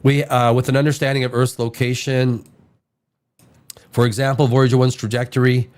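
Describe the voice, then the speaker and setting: A man hosting a casual podcast who has a cold, rambling in an animated way, swearing casually and reading news items aloud. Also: mid-range voice, normal speed. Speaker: podcast host.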